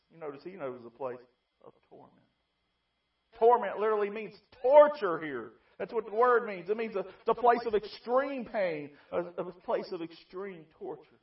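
A high-voiced man preaches a fiery sermon, dropping to near-quiet pleading and then climbing to shouts. He sounds set back from the mic, and the recording is dull and lo-fi. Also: animated, normal speed, far from the mic.

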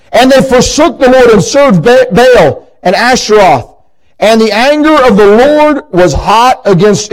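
A pastor preaching in a church, his voice sitting unusually high for a man. He reads scripture in a slow, measured way before moving into storytelling. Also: low-quality recording. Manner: slow deliberate reading, acting out voices in anecdotes. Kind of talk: sermon with scripture reading and storytelling.

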